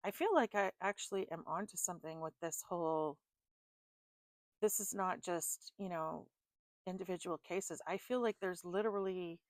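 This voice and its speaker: A woman's voice: fairly low pitch, moderate pace, no room sound. A woman giving a casual tarot reading to her viewers, frustrated and swearing often, laughing at her own exasperation. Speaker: tarot reader.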